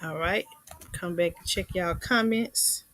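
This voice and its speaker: Woman, livestream host, unhurried chatty talk, bright voice, dry close sound. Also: fairly low pitch, dry recording, low-quality recording. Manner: chatty, laughs often, reads comments aloud. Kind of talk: casual live chat reading comments.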